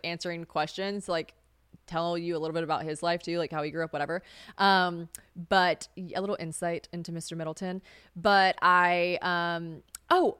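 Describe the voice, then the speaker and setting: A woman's voice: fairly bright tone, clean tone, no echo, clean studio sound. A young woman hosting a casual solo podcast, chatty and swearing freely, often acting out what others said. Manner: chatty, swearing, laughs, acts out quotes in a high voice. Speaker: podcast host.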